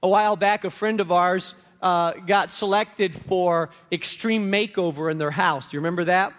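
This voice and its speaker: A man's voice: high-pitched, steady tone, moderate pace, a bit bright. A male pastor preaching a sermon to a congregation, emphatic and repetitive, telling stories. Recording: long reverb of a large room.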